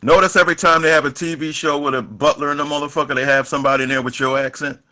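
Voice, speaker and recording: A man's voice: a little high, level tone, racing, pushed and bright. A man in a casual debate chat, brash and boastful, swearing constantly.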